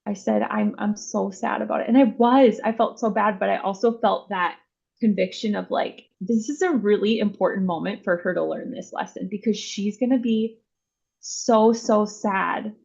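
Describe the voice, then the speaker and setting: A woman's voice: mid-range voice, normal speed, gravelly, darkish tone, husky, dull audio. A woman in her thirties, a mother of four, telling a parenting story in an earnest, reflective way with many ums and restarts. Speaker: guest mother. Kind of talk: casual podcast storytelling.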